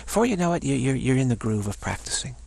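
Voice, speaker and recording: A man's voice: mid-range voice, sing-song, quick pace, gravelly, darkish tone. A middle-aged man teaching a self-development practice in a motivational talk, emphatic and repeating phrases for stress.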